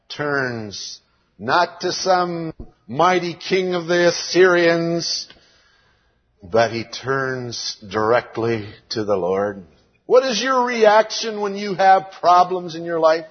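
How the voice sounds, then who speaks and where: An American man preaching a sermon to young people in a church hall, reading scripture aloud in a slow, earnest way. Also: fairly high pitch. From United States. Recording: dull lo-fi recording with long hall reverb.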